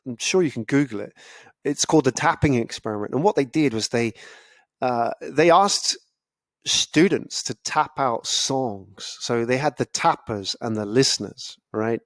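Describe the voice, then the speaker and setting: A man giving a casual, animated talk about storytelling, often acting out other people's reactions. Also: medium pitch, dry recording, studio quality. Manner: animated, acts out listeners' reactions. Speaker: speaker on storytelling.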